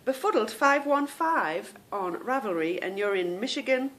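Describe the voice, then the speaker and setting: A woman's voice: fairly high pitch, expressive, normal speed, a bit bright. Chatty rambling woman podcast host. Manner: chatty and rambling, stumbles over unfamiliar names. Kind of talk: casual chat to viewers.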